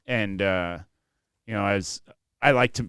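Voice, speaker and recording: A man's voice: lowish voice, unhurried, a bit bright, clean tone, no echo, studio quality. A man co-hosting a podcast, telling a childhood story in casual, profane chat and laughing often. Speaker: podcast co-host.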